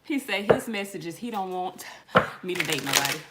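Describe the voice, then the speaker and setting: A middle-aged woman doing a casual tarot reading, telling lively stories in slang and swearing as she talks to her viewers. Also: on the low side, brisk, very noisy. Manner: animated storytelling, slangy, swears, addresses viewers as y'all. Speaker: tarot reader.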